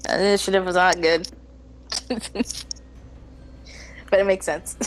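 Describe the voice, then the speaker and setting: A woman's voice: lowish voice, fairly even intonation, slow, faint music behind. A woman playing a tabletop game, reacting with giggles and short remarks. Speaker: player. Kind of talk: casual tabletop game chat.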